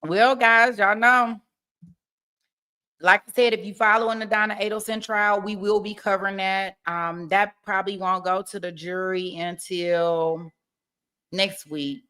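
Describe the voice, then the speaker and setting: A woman with a bright, forceful voice hosts a loose livestream about a court case. She talks in a lively, joking way, breaks into laughs and acts out scenes of tearful testimony. The tone is chatty and unscripted. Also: mid-range voice, unhurried, clear, resonant tone. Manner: animated, laughing, acts out mock crying testimony. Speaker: true-crime trial commentary host. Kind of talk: casual livestream commentary.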